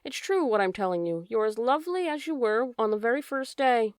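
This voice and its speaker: A woman voicing a gentle male autumn leaf who speaks tenderly and reassuringly. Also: fairly high pitch, expressive, fairly quick, clean tone, no room sound, close to an everyday voice.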